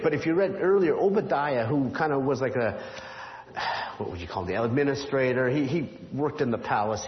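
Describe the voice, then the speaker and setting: A man preaching a sermon, retelling a story in an animated, conversational way. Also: medium pitch, a little hiss or hum. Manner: animated, drops to a hushed voice for the whisper. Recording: dull roomy hall sound.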